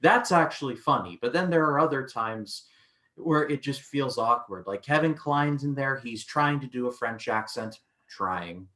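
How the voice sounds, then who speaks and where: A man's voice: medium pitch, expressive, moderate pace, sharp tone. A man co-hosting a film review podcast, chatting casually and stumbling through restarts as he retells scenes.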